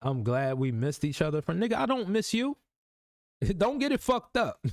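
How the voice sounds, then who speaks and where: A man streaming live talks in with a lively, swooping pitch. He teases and curses freely. His raised voice sits over a dry, close mic. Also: moderate pace, no room sound. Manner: animated, teasing, swears a lot, mocking quoted voices. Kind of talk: casual livestream banter.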